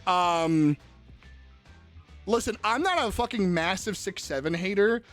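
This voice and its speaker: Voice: mid-range voice, expressive, unhurried, fairly bright tone, faint music behind. A livestreamer chatting casually with viewers, rambling, giggling often and swearing freely.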